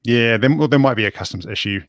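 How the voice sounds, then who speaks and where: A man with a New Zealand accent, a guest on a video call, chatting casually and trading deadpan jokes. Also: mid-range voice, fast talker, no echo, studio quality. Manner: joking, deadpan banter. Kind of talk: casual chat.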